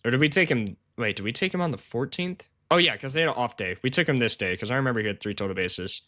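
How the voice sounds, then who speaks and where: Talking quickly with lively intonation, this streamer has a medium-pitched voice that's bright and forceful. He's researching sports bets live, responding to chat with rambling, slangy banter full of "bro," frequent laughter, and self-deprecating jokes.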